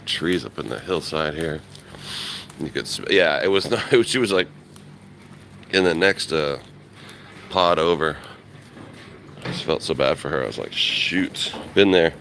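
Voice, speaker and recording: A man vlogging live outdoors in the early morning, rambling casually and greeting viewers, his voice rough from just waking up. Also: very deep voice, animated, normal speed, long pauses, fairly bright tone, a little hiss or hum. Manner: rambling, laid-back, greets chat viewers by name. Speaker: travel vlogger. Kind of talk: casual live-stream chat. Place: outdoors in a quiet beach town in the early morning. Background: faint outdoor ambience.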